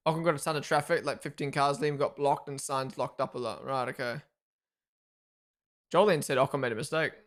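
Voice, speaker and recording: A man's voice: medium pitch, brisk. A man hosting a live race watchalong, reacting to the action and chatting casually with his viewers, reading their comments and thanking followers. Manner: excitable, chatty, reads out chat and thanks followers.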